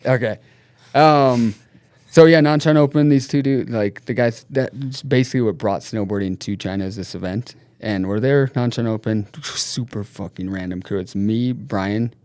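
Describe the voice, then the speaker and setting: A middle-aged man, a podcast guest, telling a wild road-trip anecdote in a loose, profane, animated way. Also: medium pitch, normal speed, no room sound. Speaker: podcast guest, snowboard team manager. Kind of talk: casual storytelling.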